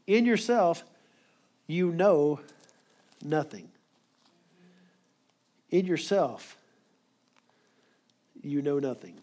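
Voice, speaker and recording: Male preacher, slightly higher voice, emphatic, quick sermon delivery. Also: darkish tone.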